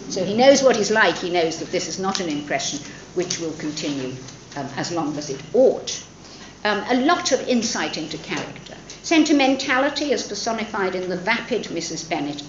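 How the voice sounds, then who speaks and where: A woman lecturer talks through a novel in a thoughtful, expressive way, her pitch moving freely. She pauses on fillers and restarts her sentences. The recording is roomy, a bit dull, with a faint background hum. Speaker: literature lecturer.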